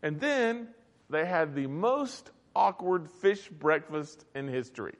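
A man's voice: on the high side, animated, takes it slowly. A man preaching a humorous sermon, telling stories with playful asides and acting out the quotes. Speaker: pastor. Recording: reverberant hall recording.

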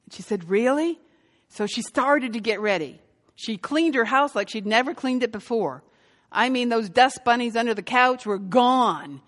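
A woman pastor giving a sermon and telling a story, growing lively as she recounts it. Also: a little high, moderate pace, in a large hall. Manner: storytelling, lively when quoting.

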